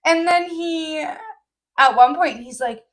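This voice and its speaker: A woman's voice: sits high, takes it slowly, a bit bright. A young woman co-hosting a casual podcast, telling stories in a bubbly, giggly way, wired on an energy drink. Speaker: podcast co-host. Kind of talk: casual chat.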